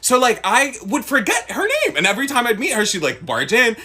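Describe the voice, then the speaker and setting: Animated young man telling a storytime. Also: very high-pitched, brisk, slightly rough. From Middle East. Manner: swearing, animated, laughing asides. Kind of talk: casual storytime.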